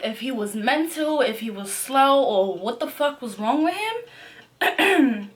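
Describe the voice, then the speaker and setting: A young woman vlogger telling a storytime tale in a profane, animated way, saying "like" constantly. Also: sits high. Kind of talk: storytime vlog.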